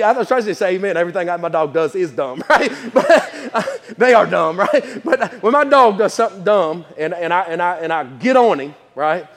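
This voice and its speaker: In a church hall full of reverb, a preacher with a light, high voice gives a sermon in a folksy, chatty manner, with laughter, asides, and repeated words throughout.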